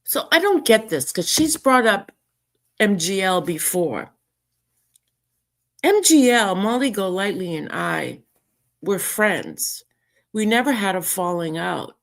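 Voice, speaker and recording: Slow-talking sarcastic woman with gravelly voice. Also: medium pitch, big pitch swings. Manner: indignant, sarcastic, reads messages aloud and mocks them. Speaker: YouTuber responding to a message. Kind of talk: casual commentary vlog.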